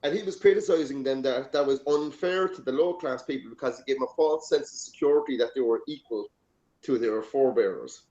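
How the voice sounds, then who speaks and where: This podcast host is an Irish man from Ireland whose warm, medium-pitched voice moves at a brisk pace. With his Irish accent, he rambles casually through stories and doesn't hold back on the swearing. It's recorded in a dull, echoey lo-fi room.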